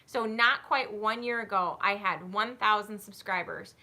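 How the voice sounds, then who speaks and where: A woman's voice: medium pitch, unhurried, bright, forceful tone. A woman hosting a live-stream question-and-answer session about horses, chatting casually and gushing with thanks to her viewers. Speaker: horse trainer and channel host.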